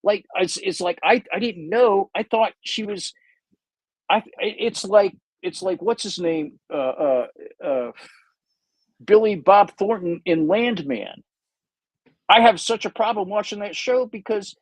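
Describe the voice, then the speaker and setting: A man's voice: high voice, a little slow, no echo, low-quality recording. A man hosting a livestream, painting while he chats in a rambling, self-interrupting, jokey way. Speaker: livestream host painting models. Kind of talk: casual rambling chat.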